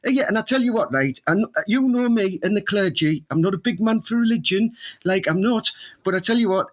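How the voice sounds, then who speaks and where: A man's voice: sits high, expressive, a little fast. A man with a Teesside accent delivering a sweary, aggressive comic rant on a podcast, tagging his sentences with "right?". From Teesside, England. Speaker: podcast co-host.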